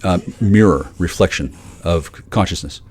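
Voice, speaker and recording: A man's voice: low-pitched, darkish tone. A man on a livestream panel delivering a rambling conspiratorial monologue, profane and full of restarts. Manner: profane, rapid, repetitive restarts.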